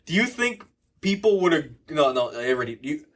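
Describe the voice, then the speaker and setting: A man's voice: on the high side, very animated, brisk, a bit bright. A man co-hosting a podcast in casual chat, rambling and swearing, laughing often. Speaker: podcast co-host.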